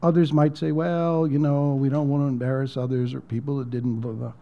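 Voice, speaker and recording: A man's voice: medium pitch, flat delivery, brisk, creaky, lo-fi sound, slight background noise. A man preaching as a pastor in a conversational storytelling way, repeating words and dropping almost to a whisper at emotional points. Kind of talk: sermon storytelling.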